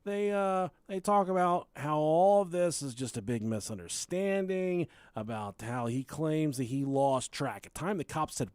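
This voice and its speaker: A man's voice: a little high, a little slow, hardly any pauses, a little mellow, clean tone, no echo. A man hosting a podcast, chatting casually about a true crime case, joking and swearing as he tells it. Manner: joking, swears, quotes people in silly voices. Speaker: podcast host.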